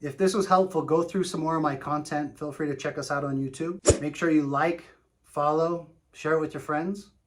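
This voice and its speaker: A man's voice: on the high side, steady tone, normal speed, slight background noise. A man coaching on sales calls, speaking emphatically and often checking in with "right?". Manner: emphatic, keeps asking "right?". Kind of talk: coaching talk with role-play demos.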